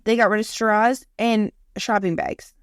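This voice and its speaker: A woman in her thirties co-hosting a podcast, chatting candidly with lots of swearing and animated storytelling. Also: medium pitch, measured pace, dry recording, clean studio sound. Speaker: podcast co-host. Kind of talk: casual chat.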